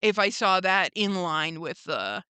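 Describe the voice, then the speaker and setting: A young woman co-hosts a casual recap podcast. Her voice is bright and crisp, and she is recorded dry and close to the mic. She retells scenes by voicing the characters, with plenty of "like" and "um.". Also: lowish voice, big pitch swings, a little slow, no echo. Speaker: podcast co-host.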